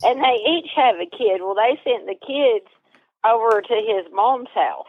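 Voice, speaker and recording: A woman's voice: fairly high pitch, animated, measured pace, no echo. A woman speaks openly and chattily on a phone call, often breaking into laughter. Her voice comes through a narrow, tinny phone band. The sound is dry, with no room at all. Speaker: interview guest. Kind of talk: casual phone conversation.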